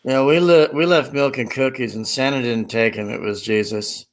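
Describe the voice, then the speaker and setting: Guy joking around in a relaxed chat, retelling old movie bits. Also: normal speed. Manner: joking, retells film scenes with silly high voices. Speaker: conversation partner. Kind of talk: casual chat.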